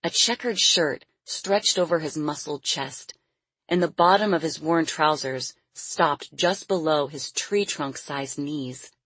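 Low, husky woman narrating a story. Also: takes it slowly, fairly bright tone, no room sound. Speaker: audiobook narrator.

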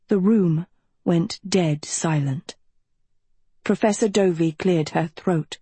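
Slow, breathy woman narrating a storybook. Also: on the low side, mellow, no room sound. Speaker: audiobook narrator. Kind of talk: scripted narration.

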